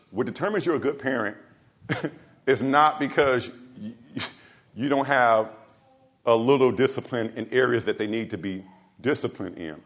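A man preaching a sermon, moving between quiet asides and raised, emphatic exhortation, often repeating words as he builds a point. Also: medium pitch. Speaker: pastor.

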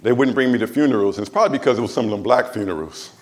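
Speaking rapid-fire in a mid-range voice, this Los Angeles pastor delivers his sermon in a conversational style. Humor and asides directed at the congregation run throughout.

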